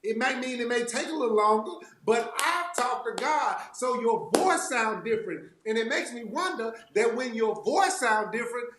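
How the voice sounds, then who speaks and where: A man's voice: very high voice, moderate pace, hardly any pauses, slight background noise. Folksy, laughing man in a roomy space. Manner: lively, folksy, laughs while making points. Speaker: co-host of a church talk show. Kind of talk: casual faith discussion.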